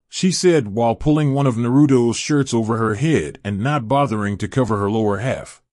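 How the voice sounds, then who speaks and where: A man's voice: medium pitch, a little mellow, dry recording, studio quality, close to an everyday voice. A man putting on a cheerful young queen. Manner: happy, playfully mock-respectful.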